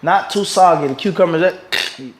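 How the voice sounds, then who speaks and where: At a normal speed and a fairly high pitch, a middle-aged mufti lectures a hadith class on religion. He keeps leaving blanks with a prompting "what?" for listeners to fill in, and he checks that they follow by asking, "everybody understand this?"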